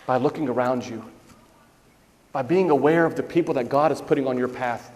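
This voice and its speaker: A man's voice: medium pitch, brisk, fairly bright tone. Preaching man in a reverberant church. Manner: storytelling, conversational preaching with emphatic repetition. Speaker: priest. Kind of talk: sermon. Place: church sanctuary.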